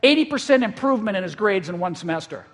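A man with a notably high voice, preaching like a pastor in easy, conversational talk. He gets caught up in his points and stumbles over repeated words as his enthusiasm runs ahead. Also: fast talker. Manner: lively, repeats words when excited. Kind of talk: conversational sermon. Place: church in eastern South Dakota.

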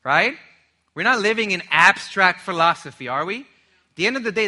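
A middle-aged male preacher with a very bright, forceful tone and a slightly high voice. He presses his points hard and keeps throwing questions back to the congregation, building each point with emphatic repetition. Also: lively intonation, normal speed. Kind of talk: sermon.

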